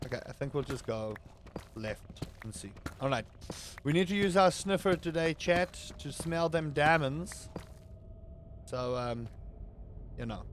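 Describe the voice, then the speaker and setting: A man streaming a game, chatting casually and playfully with his viewers, sometimes bursting into loud, excited hype. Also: a little high, a little slow, pauses often, slight background noise. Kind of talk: casual live-stream chat.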